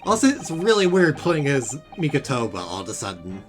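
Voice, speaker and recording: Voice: medium pitch, sing-song, a little fast, few pauses. Playful streamer over game music. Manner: playful, joking asides. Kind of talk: casual let's-play commentary.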